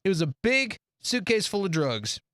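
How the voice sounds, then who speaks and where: Host, male, high and very expressive, eager movie recap, close and dry. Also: normal speed, dry recording. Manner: animated, acts out the characters' lines in different voices. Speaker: podcast co-host. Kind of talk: casual chat recapping a movie.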